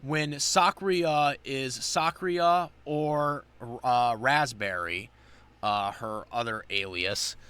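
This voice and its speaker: A man's voice: medium pitch, bright, forceful tone, clear, resonant tone. Rambling man recapping an episode. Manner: rambling, many fillers and restarts. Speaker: anime reviewer.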